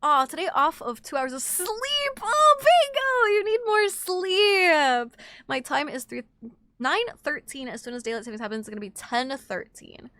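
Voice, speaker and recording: A young woman from Wisconsin chatting on a live gaming stream, sick and sleepy, scattered and chatty with sudden loud outbursts. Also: high voice, fairly quick, dry recording. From Wisconsin, USA. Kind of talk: casual live-stream chat while gaming.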